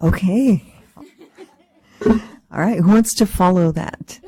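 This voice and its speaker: A woman chairing a commission meeting, calling for motions and votes in a brisk, procedural way. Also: fairly low pitch, warm tone, breathy edge, dry recording.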